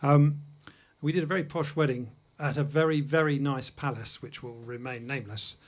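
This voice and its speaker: Man, from England, livestream music host, casual chat, mid pitch, anecdotal, self-deprecating, studio. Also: fairly even intonation, moderate pace. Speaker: host and jazz pianist-singer.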